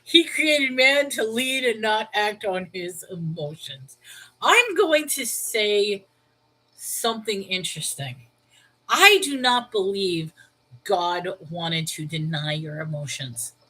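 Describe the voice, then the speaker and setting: A middle-aged woman hosting a casual livestream, chatting with viewers, laughing often, and slowing down to give earnest spiritual advice. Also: mid-range voice, sing-song, pushed and bright, poor audio. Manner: earnest and slow when giving spiritual advice. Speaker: host of a Bible livestream.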